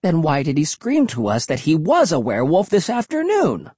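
An impatient, blunt boy who scoffs and snaps at his friend, voiced by a male narrator. The tone is husky and dry with lively swings in pitch. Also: moderate pace, no echo, full character voice. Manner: impatient, scornful. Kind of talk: audiobook character voice.

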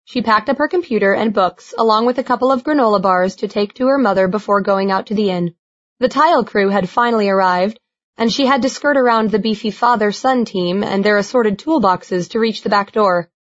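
A woman narrating a novel in a measured, expressive reading. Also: mid-range voice, lo-fi sound. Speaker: audiobook narrator. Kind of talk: scripted narration.

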